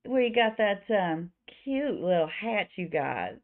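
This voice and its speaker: A woman's voice: medium pitch, big pitch swings, measured pace, a crowd in the background. A woman voicing a small, bearded, flirty female tavern keeper with a slight Southern accent, heard over a tinny line. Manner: flirty, drawling, sweet-talking.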